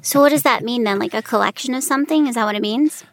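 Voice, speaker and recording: A woman's voice: fairly high pitch, fast. Friendly woman host asking questions. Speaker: interview host. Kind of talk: casual interview chat.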